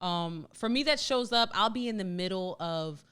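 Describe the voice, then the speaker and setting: A woman co-hosting a casual podcast chat, telling stories in an animated, expressive way with relaxed slang. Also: mid-range voice, normal speed, clear, resonant tone. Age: adult with a young daughter. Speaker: podcast co-host.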